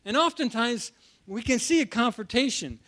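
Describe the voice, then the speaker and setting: A man's voice: very high voice, expressive, normal speed, fairly bright tone. A man preaching an expository sermon, talking animatedly and often repeating words as he restarts a phrase. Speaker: preacher teaching from the Bible.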